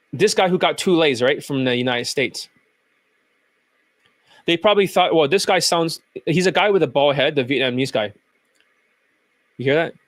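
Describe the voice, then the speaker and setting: Brief: male coach, high-pitched, furious profane rant, dry room. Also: a bit bright, no echo. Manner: profane, ranting, combative. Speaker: dating coach. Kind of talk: angry commentary over clips.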